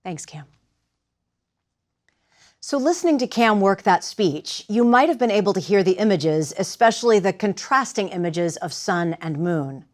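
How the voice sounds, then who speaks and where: A woman instructor explaining the rhythm of verse and directing actors, in a clear, patient teaching voice. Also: mid-range voice, animated, moderate pace. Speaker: theater instructor. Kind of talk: lecture with live demonstration.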